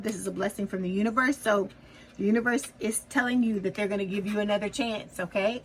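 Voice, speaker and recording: A woman's voice: medium pitch, slight background noise, low-quality recording. A woman giving a casual tarot reading to her viewers, chatty and reassuring, often checking in with "okay?". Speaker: tarot reader.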